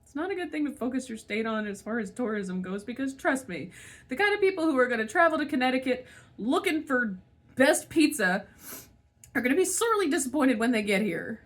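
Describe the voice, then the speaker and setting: A woman's voice: high voice, sing-song, a little fast. A woman venting her frustration in a monologue, swearing often and sighing between thoughts. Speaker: spiritual channel host. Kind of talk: emotional monologue vent.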